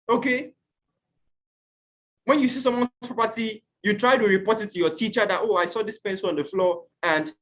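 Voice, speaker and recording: A man from Nigeria gives an online class lesson. He talks in an earnest way and keeps putting questions to his class. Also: high-pitched. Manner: earnest, asks the class questions, acts out shouted quotes. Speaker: youth teacher.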